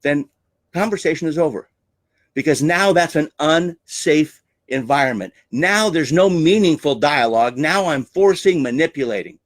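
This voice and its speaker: A man's voice: a little high, expressive, moderate pace, no room sound. A man coaching on sales with a theatrical, emphatic way of talking. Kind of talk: teaching talk on selling.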